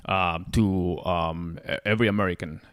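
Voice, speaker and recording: A man co-hosting a casual podcast discussion, talking quickly with lots of hesitant fillers. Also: low-pitched, steady tone, no echo, clean studio sound. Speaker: podcast co-host.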